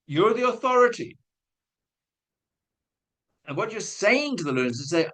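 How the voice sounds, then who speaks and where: A man's voice: high-pitched, very animated, a little slow, pauses often, a bit bright, rough recording. A man giving a webinar talk to teachers, telling a classroom story in a chatty, self-mocking way with acted-out quotes. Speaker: guest speaker on language teaching.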